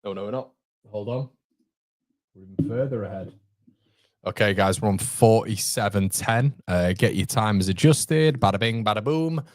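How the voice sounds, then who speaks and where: A man hosting a live match watchalong, chatty and excitable, talking straight to his viewers. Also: on the low side, moderate pace, pauses often, no room sound. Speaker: host of a football fan channel.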